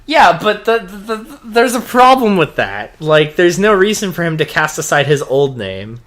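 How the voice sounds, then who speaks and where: A man co-hosting a casual podcast, with a voice pitched a little high. He recaps the plot in a wry, nitpicking way and often speaks more softly than his partner. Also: sing-song, normal speed. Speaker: podcast co-host. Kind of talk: casual chat.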